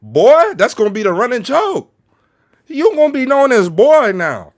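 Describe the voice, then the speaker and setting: A man's voice: very high voice, very animated, moderate pace, a little hiss or hum. A man streaming live, reacting to a video with laughter and disbelief. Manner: laughing, incredulous, exclaiming.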